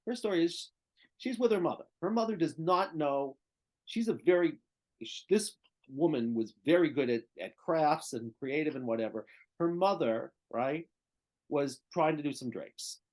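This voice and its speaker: A man's voice: fairly high pitch, lively intonation, normal speed, darkish tone. An older male therapist telling a client story in conversation, often checking in with "right?" and "okay?".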